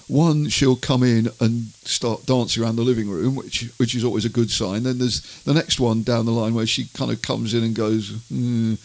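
A middle-aged man hosts a music show in a loose, rambling chat full of fillers and side remarks. His voice has a gravelly fry at mid pitch. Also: a little mellow. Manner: rambling, many "uh" fillers and asides. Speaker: radio music show host. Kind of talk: casual chatty storytelling.

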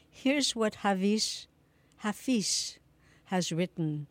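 A woman radio host giving gentle, measured reflections on relationships, often pausing and restarting. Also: medium pitch, no room sound.

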